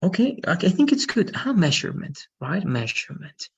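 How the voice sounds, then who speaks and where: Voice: mid-range voice, big pitch swings, brisk, vocal fry, lo-fi sound. An English teacher running an online lesson, patiently correcting students' pronunciation. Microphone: video call.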